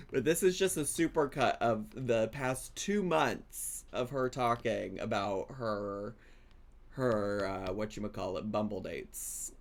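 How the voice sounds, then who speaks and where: A man hosting a reaction video, commenting on clips in a playful, teasing way with swearing asides. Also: medium pitch.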